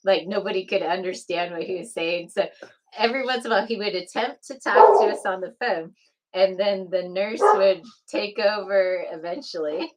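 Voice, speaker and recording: A woman's voice: mid-range voice, moderate pace. A woman from the US West Coast co-hosting a casual live chat from home, chatty and laughing often. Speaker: co-host.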